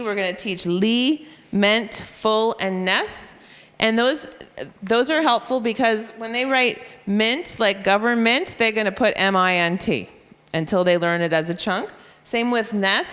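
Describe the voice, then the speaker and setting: A woman's voice: mid-range voice, a bit bright. Woman teacher explaining phonics, reverberant hall. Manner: explanatory, spells out letters and sounds slowly. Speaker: reading intervention teacher. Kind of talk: professional development presentation. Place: school room or hall.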